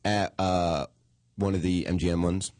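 A man co-hosting a podcast, telling stories in a fast, profane, casual way with quoted asides. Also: low-pitched, fairly even intonation, darkish tone, dry recording. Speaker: podcast co-host. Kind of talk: casual chat. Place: in Los Angeles.

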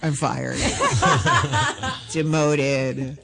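A woman's voice: deep voice, wildly swooping pitch, extremely slow, creaky, very noisy. A woman guest comedian chatting casually, telling a self-deprecating story with lots of fillers and restarts.

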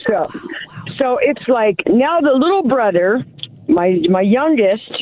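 A woman calling in to a radio show, telling her story in a lively way and acting out what she said to her kids. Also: fairly high pitch, slow pace, no room sound. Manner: animated storyteller acting out her own quotes. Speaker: caller. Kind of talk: phone-in story. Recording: tinny phone line.

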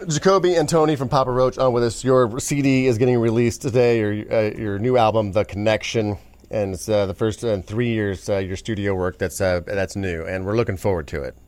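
A man's voice: lowish voice, steady tone, fairly quick, darkish tone. A man hosting a radio show, chatting casually with guests in a laid-back, joking way with frequent fillers. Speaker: radio host.

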